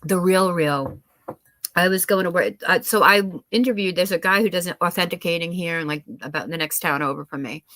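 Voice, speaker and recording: A woman chatting on her own live stream, rambling with a steady run of "um"s, "like"s and restarted sentences. Her voice sits a little low, her nose sounds slightly stuffy, and the sound is close and dry, with no room echo. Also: fairly quick. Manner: rambling, many fillers and restarts. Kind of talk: casual chat.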